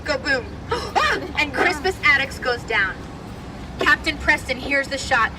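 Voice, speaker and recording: A woman tour guide leading an outdoor reenactment, animated and coaching the crowd. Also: high voice, moderate pace. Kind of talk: lively interactive reenactment narration. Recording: distant mic with loud crowd noise.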